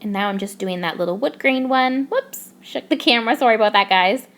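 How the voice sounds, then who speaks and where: A woman's voice: fairly high pitch, fairly quick. A young woman from Canada narrating her craft process in a bubbly, gushing way. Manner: bubbly, gushing over cute details. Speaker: craft YouTuber.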